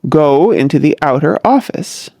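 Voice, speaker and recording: A man's voice: on the high side, expressive, a little slow, creaky, mellow, dry recording, clean studio sound. A narrator voicing a testy, self-willed middle-aged father who blusters at his daughter and her suitor in a comic audiobook. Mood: testy, blustering.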